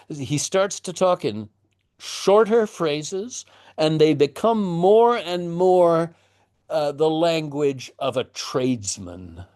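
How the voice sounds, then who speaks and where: A man's voice: mid-range voice, darkish tone. A man teaching a class on a play, explaining in a thoughtful, wry way. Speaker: acting teacher. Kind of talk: lecture on a play with readings.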